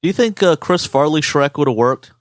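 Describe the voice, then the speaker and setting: A man's voice: fairly high pitch, brisk, no echo, clean studio sound. A man co-hosting a podcast in casual chat, swearing freely and putting on movie voices as he tells stories. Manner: profane, animated storyteller who imitates movie voices. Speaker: podcast co-host.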